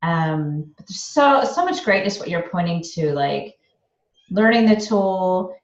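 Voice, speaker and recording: A woman podcast host talks through her own stories with lots of energy, voicing the people in them as she goes. Her voice sits a little low. The recording is distant and echoey, with a muffled, lo-fi tone. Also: measured pace. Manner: animated storyteller, acts out quoted dialogue. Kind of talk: casual interview chat. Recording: roomy, distant, dull-sounding mic.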